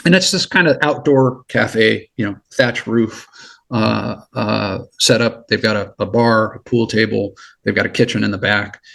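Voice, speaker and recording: A middle-aged man, a former federal agent, telling stories as a guest in a casual interview, animated and laughing often, with stumbles and repeated words. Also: on the low side, moderate pace, gravelly. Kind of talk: casual storytelling.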